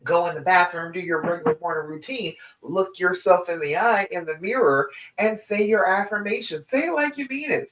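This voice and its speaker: A woman relationship coach giving a direct, emphatic live stream talk to her listeners. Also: on the low side. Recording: echoey room.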